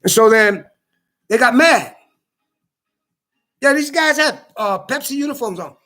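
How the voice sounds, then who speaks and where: High-pitched man ranting heatedly. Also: animated, a little slow, long pauses, bright, forceful tone. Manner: profane, heated, stumbling restarts. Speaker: social media commentator. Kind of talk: ranting monologue.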